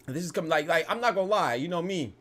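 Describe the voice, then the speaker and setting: A young man hosting a casual boxing podcast, talking in a heated, animated way and peppering his lines with "bro" and profanity. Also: a little high, very fast. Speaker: podcast host.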